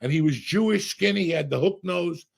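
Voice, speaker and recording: A middle-aged man hosting a podcast, a loud, profane storyteller with a gravelly, husky voice. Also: high voice, brisk. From Cuba. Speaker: podcast host.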